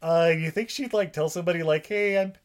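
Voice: medium pitch, fast talker, a little mellow. A podcast co-host in casual chat, rambling through a film plot with lots of fillers and acting out the characters' lines.

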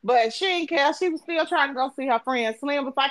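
A woman's voice: high-pitched, fairly quick. A woman hosting a casual phone-chat podcast, telling a story and acting out the voices of the people in it. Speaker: podcast host.

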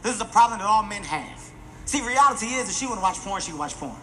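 High-voiced, animated stand-up comedian man. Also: fast, slight background noise. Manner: animated, profane, acts out voices.

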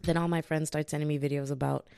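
Low gravelly young woman podcaster. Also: fast, no room sound, studio quality. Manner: animated, rambling, full of asides and tangents. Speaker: podcast host. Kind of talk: casual storytelling monologue.

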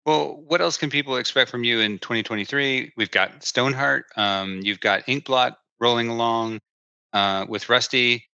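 A man's voice: medium pitch, moderate pace, vocal fry, bright, forceful tone, no echo. A man hosting a podcast interview, asking casual conversational questions. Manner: brief affirmations, conversational questions. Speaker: podcast host. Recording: dry, dull lo-fi mic.

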